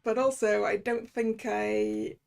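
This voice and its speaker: A woman's voice: a little high, fairly even intonation, takes it slowly, creaky, a little mellow. A woman streamer commenting casually on a game, chatty and giggly, poking fun at herself. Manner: chatty, giggly, self-mocking.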